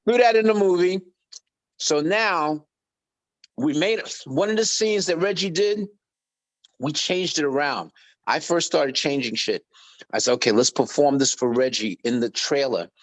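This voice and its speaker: A middle-aged man, a guest on an interview podcast telling animated stories and acting out quoted voices. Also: fairly high pitch, a little slow. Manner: lively anecdotes, acts out quoted voices. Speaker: guest musician.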